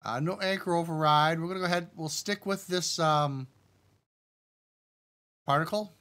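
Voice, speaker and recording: A man with a somewhat high voice, working through a live coding stream. He walks through each setting out loud in an easy, unhurried way and chats with his viewers between steps. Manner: relaxed, talks himself through settings step by step; addresses the chat directly. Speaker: game developer streaming live. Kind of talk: live-stream walkthrough, thinking aloud.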